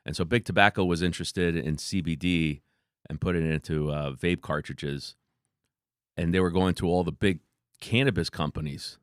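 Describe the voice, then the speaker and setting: A man, a company founder, telling laid-back, animated stories as a podcast guest. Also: low voice, moderate pace, no echo, clean studio sound. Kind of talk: casual interview storytelling.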